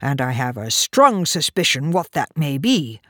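Casting: woman reading a cool-headed male adventurer, measured and commanding, lively delivery. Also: very deep voice, no echo, clean studio sound, voice pushed down, heavily acted. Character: calm, clever male time traveller.

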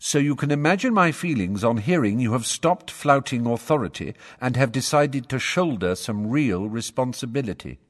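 A man's voice: medium pitch, expressive, normal speed, few pauses, in a large hall, close to an everyday voice. A man reading out a stern letter in the voice of a pompous, self-important young man. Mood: lecturing.

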